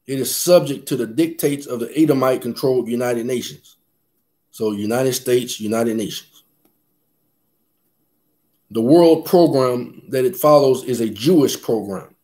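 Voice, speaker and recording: A man's voice: medium pitch, darkish tone. A man preaching and reading scripture aloud in a fervent, emphatic preaching cadence.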